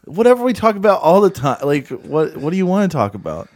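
A man's voice: on the high side, sing-song, fast, darkish tone. A man co-hosting a casual podcast, sarcastic and easily exasperated, swearing often. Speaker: podcast co-host.

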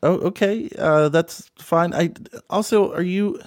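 A man hosting a comedy show, playing a patient straight man who calmly questions and corrects his guest. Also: high voice, unhurried, no room sound, studio quality. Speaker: host. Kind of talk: comedy podcast chat.

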